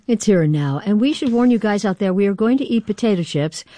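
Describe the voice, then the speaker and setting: A woman's voice: mid-range voice, expressive, quick pace, dark tone, no room sound. Playful woman radio host. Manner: playful, teasing. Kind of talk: casual on-air chat. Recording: dry studio sound.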